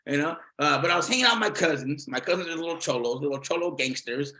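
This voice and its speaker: A man's voice: fairly high pitch, expressive, quick pace, few pauses, pushed and bright, poor audio. A man doing a stand-up set over a video call, rambling, swearing often and laughing at his own jokes. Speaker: stand-up comedian.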